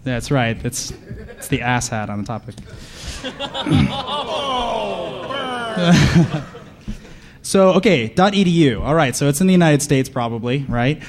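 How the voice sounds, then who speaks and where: Sarcastic guy doing a funny conference talk, deadpan jokes, chats w the crowd. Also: on the high side, slow pace, long pauses. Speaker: conference speaker. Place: conference hall with audience.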